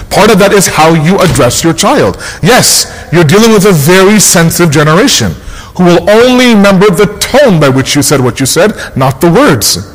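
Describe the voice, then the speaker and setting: A man preaching a sermon as an imam, earnest and emphatic, hammering his points home by repeating key phrases. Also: high voice. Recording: long hall reverb.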